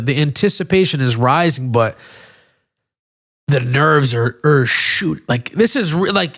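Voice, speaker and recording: A man's voice: fairly high pitch, fairly bright tone. A man in his thirties hosting a podcast, telling a personal story in a candid, emotional way with frequent swearing. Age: 30s. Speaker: podcast host.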